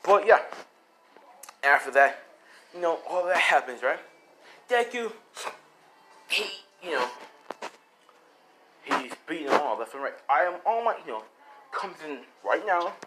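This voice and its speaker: A man's voice: fairly high pitch, expressive, unhurried, pauses often, noisy background. A young man casually improvising a fan story, rambling with lots of fillers. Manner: rambling, full of "you know" fillers.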